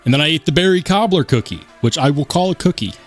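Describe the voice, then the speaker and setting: Host, male, lively pitch, chatty self-mocking live-stream talk, faint music under him. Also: fast. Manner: chatty, reads chat aloud, self-mocking. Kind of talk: casual live-stream chat.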